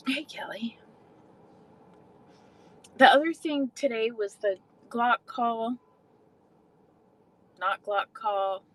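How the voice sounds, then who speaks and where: A woman's voice: a little high, fairly bright tone, rough recording. A young adult woman casually chatting on a livestream, swearing freely and answering viewers' comments. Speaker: livestream host.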